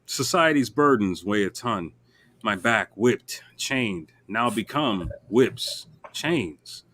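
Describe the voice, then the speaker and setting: A man co-hosting a sports show, reading his own poem aloud in a slow, measured way. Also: fairly low pitch, lively intonation, a bit bright, slight background noise. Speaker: show co-host.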